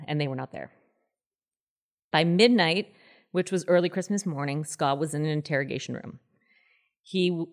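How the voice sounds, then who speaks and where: A woman in her thirties hosting a podcast, telling a true-crime story in a casual, chatty and animated way. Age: 30s. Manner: chatty, animated, acts out quoted people in a higher voice. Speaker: podcast host.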